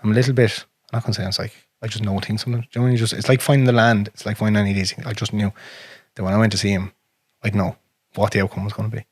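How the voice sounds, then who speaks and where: An Irish man hosting a podcast, talking frankly and with plenty of swearing, his voice sinking low and quiet on hard memories. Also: level tone, racing, no room sound. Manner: frank and profane, drops to a near whisper on painful memories. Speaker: podcast host. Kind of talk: casual conversation.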